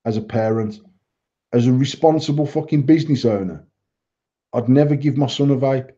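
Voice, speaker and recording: A middle-aged man with a warm, mid-range voice talks at a moderate pace, co-hosting a podcast full of blunt, sweary, rambling banter. He owns a vape shop, and the casual exchange is captured with dull lo-fi sound.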